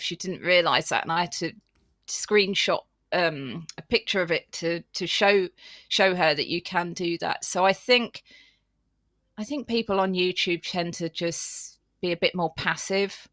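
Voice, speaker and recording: Slow, bright woman. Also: lowish voice, no echo, clean studio sound. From England. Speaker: guest. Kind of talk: casual live-stream chat.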